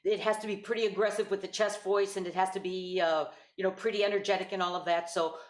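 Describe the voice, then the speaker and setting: A woman's voice: medium pitch, steady tone, quick pace, roomy sound. A woman teaching an online voice lesson, patient and encouraging, demonstrating vocal exercises over a video call.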